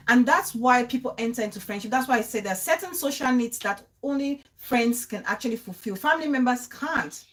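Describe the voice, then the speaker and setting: A young woman hosting a casual live-stream talk, chatting and repeating phrases for emphasis. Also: on the high side. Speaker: show host.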